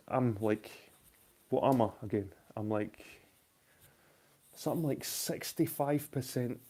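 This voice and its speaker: A man hosts a loose late-night chat stream, reading out viewer questions. He rants freely and swears often. His voice has a warm, dark tone at an ordinary middle pitch. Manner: ranting, heavy swearing; reads viewer questions aloud. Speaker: host.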